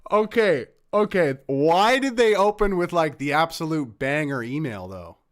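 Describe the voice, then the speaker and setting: A man's voice: fairly high pitch, animated, a little slow, dry recording, studio quality. Sarcastic man reacting to clips live. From Canada. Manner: sarcastic, rambling with fillers and laughs. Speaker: livestream host reacting to clips. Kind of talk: casual live commentary.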